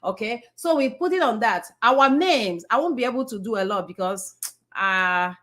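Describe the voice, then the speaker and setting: A woman's voice: fairly high pitch, lively intonation, moderate pace, fairly bright tone. Nigerian woman giving a rambling motivational talk. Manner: conversational, repeats and restarts, asks the audience questions. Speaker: speaker addressing an audience.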